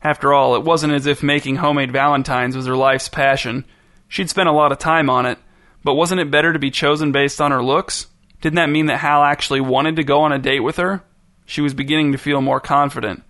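A man reading a story aloud in a measured, deadpan narration. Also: on the high side, dry recording, studio quality. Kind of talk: scripted narration.

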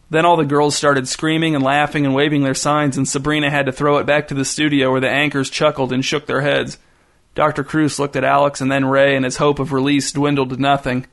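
A man narrating an audiobook in a dry, deadpan way. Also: fairly high pitch, brisk.

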